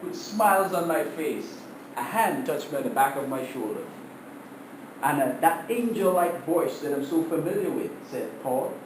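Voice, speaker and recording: A man giving a prepared humorous speech to his class, telling stories in an animated way and laughing at his own jokes, heard from across a classroom. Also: a little high, normal speed, reverberant, distant mic, a little hiss or hum, poor audio.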